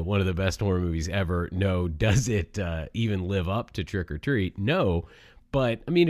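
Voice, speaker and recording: A man with a very low voice talks casually with a co-host. He gets animated as he argues, his voice leaping up. The sound is dry and close. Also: no echo. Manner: animated, jumps high in pitch when arguing. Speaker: movie podcast co-host. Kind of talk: casual chat.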